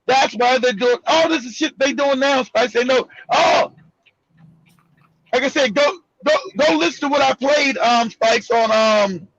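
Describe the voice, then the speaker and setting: A man's voice: very high-pitched, measured pace, a bit bright, dry recording, lo-fi sound. A man hosting a casual political talk show, brash and profane, laughing often. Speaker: show host.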